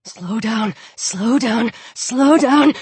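A woman's voice: high voice, slow pace, no echo. A woman voicing a desperate drowning man. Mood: desperate urgent. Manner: urgent, pleading, breathless. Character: desperate man struggling in icy water.

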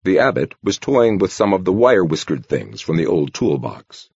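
A man reading a novel aloud as an audiobook narrator in measured storytelling. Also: deep voice, sing-song, creaky, darkish tone, husky, no room sound, highs cut off. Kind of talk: scripted narration.

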